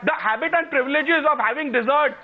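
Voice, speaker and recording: A man's voice: very high voice, fairly quick, narrow, tinny audio. A man with an Indian English accent, a politician guest in a heated debate, indignant and stammering as he interrupts.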